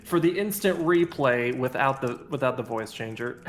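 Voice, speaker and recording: A man's voice: medium pitch, noisy background. A man chatting playfully with friends while gaming, rambling through his thoughts. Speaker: friend on stream. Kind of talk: casual gaming voice chat.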